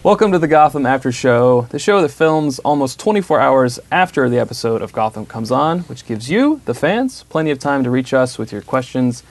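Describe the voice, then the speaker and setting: A man's voice: mid-range voice, very animated, normal speed, few pauses. A man hosting a casual TV after-show podcast, upbeat and chatty, laughing easily. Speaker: host.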